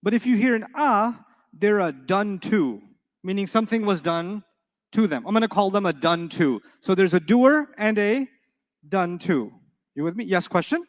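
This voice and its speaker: A man's voice: high voice, animated, moderate pace, big-room sound. A middle-aged man teaching Arabic to a live class, playful, quizzing his students and answering his own questions.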